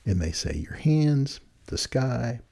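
A man's voice: mid-range voice, big pitch swings, slow, gravelly, mellow. A man hosting a podcast, talking in a folksy, casual way at a desk microphone and chuckling at his own points. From Texas. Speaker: podcast host. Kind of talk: casual spoken reflection. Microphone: studio mic with headphones at a desk.

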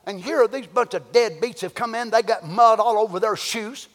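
A man preaching a sermon, swinging between folksy storytelling and shouted, drawn-out exhortation. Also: sits high, in a large hall. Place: church sanctuary.

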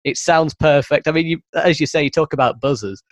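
A man's voice: on the high side, a little fast, no room sound. A man with a northern English accent, hosting a casual chat and often murmuring short agreements.

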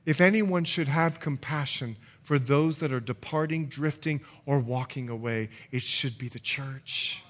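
A middle-aged man, a pastor, preaching a sermon in an animated way, now and then acting out short exchanges in a low growl. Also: measured pace, few pauses. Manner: animated, acts out dialogue with sudden drops to a low growl.

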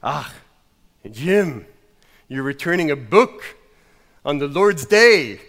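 A man voicing a stern old male Scottish pastor with a put-on Scottish accent, solemn and gently scolding. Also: on the high side, expressive, slow pace, in a large hall, full character voice.

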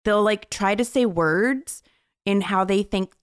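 An animated woman with a clean, dry, medium-pitched voice speaks slowly and clearly, with a resonant tone. She's a podcast co-host in a casual chat, recorded in a clean studio with no echo.

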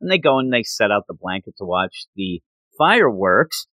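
Man, bright forceful voice, dry close sound, rambling manga recap, acts out lines. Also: fairly low pitch, very animated, dry recording. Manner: rambling, acts out characters' lines in quick asides. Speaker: manga podcast co-host. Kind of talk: casual chat recapping a chapter.

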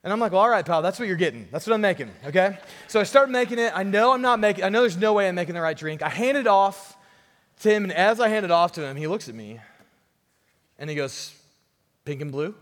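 A young man preaching a sermon, telling a story with lively, playful sarcasm. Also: sits high, fast, big-room sound. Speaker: pastor.

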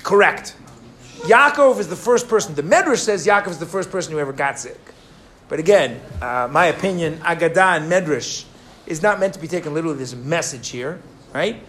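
A man with a fairly high voice gives an animated sermon, telling stories and throwing questions out to his audience. He often restarts his sentences. A faint background noise sits under the recording. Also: fairly quick. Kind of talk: sermon with storytelling.

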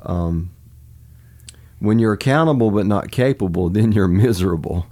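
A man's voice: lowish voice, moderate pace. A man talking casually as a pastor, laughing often and easily moved. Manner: warm, laughs often, gets choked up. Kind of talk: casual chat.

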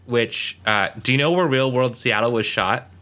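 A man's voice: medium pitch, normal speed, sharp tone. A man co-hosting a podcast, recapping a show in casual chat and rambling with many fillers. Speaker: podcast co-host.

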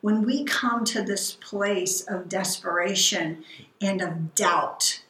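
A woman co-hosting a ministry podcast, reflecting earnestly on scripture in a warm conversational discussion. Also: medium pitch, slow pace, reverberant, rough recording. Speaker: podcast co-host.

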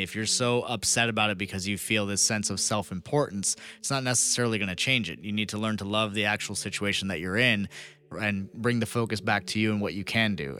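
A man's voice: fairly low pitch, pushed and bright. A man hosting a podcast, reflectively explaining ideas in casual conversation. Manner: reflective, explains philosophy earnestly. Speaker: podcast host. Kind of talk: casual interview chat.

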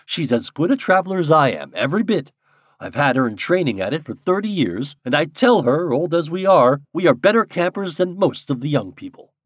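A man voicing a hearty, bossy older gentleman who teases and boasts loudly. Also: sing-song, fairly quick, dry recording, clean studio sound. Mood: jovial. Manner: booming, boastful, teasing.

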